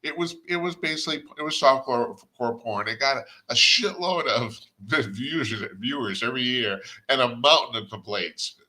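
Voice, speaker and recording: Blunt older man, bright-voiced radio host. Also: medium pitch, moderate pace, hardly any pauses. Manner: blunt, chuckling, rambling with restarts. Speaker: radio talk-show host. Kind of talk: opinionated radio monologue.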